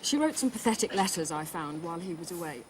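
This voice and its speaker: A woman's voice: lowish voice, expressive, fast talker, noisy background, lightly acted. A woman playing a cold, bitter betrayed wife. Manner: clipped, cool and defensive. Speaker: pregnant wife of a murdered man. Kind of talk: 1990s television crime drama.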